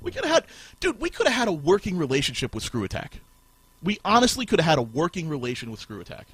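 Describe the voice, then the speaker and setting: A man hosting a podcast, ranting furiously and swearing, with shouted bursts. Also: a little high, huge pitch swings, fast talker, slight background noise. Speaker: podcast host. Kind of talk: profane ranting podcast talk.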